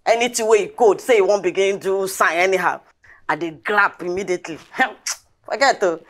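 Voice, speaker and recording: An actress playing a cheeky, streetwise young housemaid with a Nigerian accent, talking back in pidgin. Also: female voice, mid-range voice, moderate pace, lightly acted. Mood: brash. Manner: brash, talks back in pidgin.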